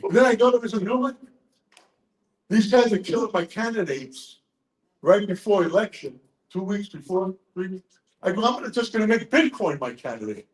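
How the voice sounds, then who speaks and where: A man in his sixties giving a rambling, profane, excitable speech to a crowd, a little drunk. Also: high-pitched, normal speed, echoey room, low-quality recording. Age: 60s. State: tipsy. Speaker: conference speaker.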